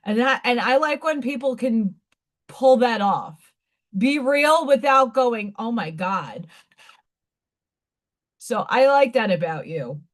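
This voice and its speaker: Woman host, fading New York accent, blunt and rambling, slightly high voice. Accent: faded Staten Island New York. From Staten Island, New York. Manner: blunt, rambling, frequent restarts. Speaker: livestream host. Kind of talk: casual live-stream chat.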